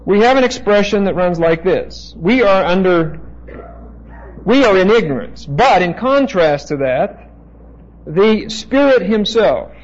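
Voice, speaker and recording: A man teaching a Bible passage as a preacher, slow and deliberate, pausing to spell out Greek words. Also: high-pitched, lively intonation, muffled recording.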